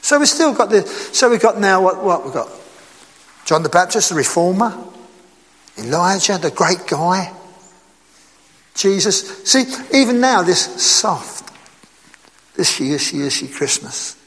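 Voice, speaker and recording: A man preaching a sermon in a lively, conversational way, asking his listeners rhetorical questions. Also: sits high, measured pace, pauses often, big-room sound.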